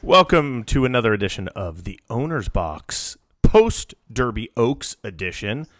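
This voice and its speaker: A man co-hosting a sports podcast in casual chat, talking quickly and breaking into animated rants. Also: mid-range voice, dry recording, faint music behind. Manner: animated, ranting bursts. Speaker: podcast co-host.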